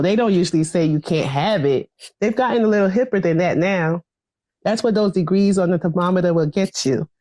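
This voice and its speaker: Fiery male speaker, mellow voice. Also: sits high, dry recording. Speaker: political speaker. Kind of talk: fiery political speech.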